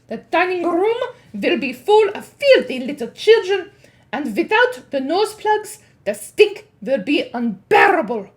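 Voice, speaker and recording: A shrill, commanding witch queen bellows orders across a storybook world, as a woman acts her out. Her voice sits very high and leaps wildly up and down, always scolding and ruthless. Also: full character voice. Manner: barking orders, shouting. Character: shrieking, domineering female witch leader.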